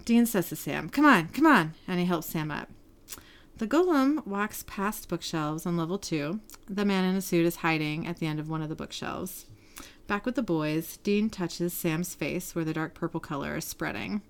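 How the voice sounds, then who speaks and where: On a casual podcast, a woman with a lowish voice retells a TV episode scene by scene at a moderate pace. She reads the characters' lines with brief voice shifts and laughs often.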